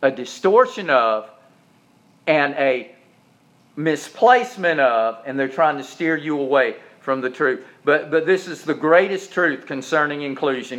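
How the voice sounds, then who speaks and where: A man preaching a sermon as pastor, shifting from loud, raised preaching to low, quiet storytelling. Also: moderate pace, highs cut off. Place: church.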